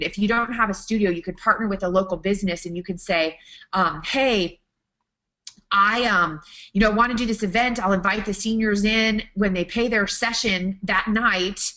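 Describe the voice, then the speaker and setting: A woman's voice: mid-range voice, a bit bright. A woman speaking as a guest photographer in a webinar talk, chatty and enthusiastic, often restarting her sentences.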